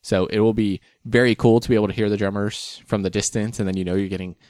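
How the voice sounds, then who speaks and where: A young man in casual conversation, speaking in a somewhat low register. He rambles easily with fillers and small laughs. The sound is close and dry with no room around it. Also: quick pace, dry recording. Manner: relaxed, chatty, with fillers and laughs. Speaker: podcast co-host. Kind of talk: casual chat.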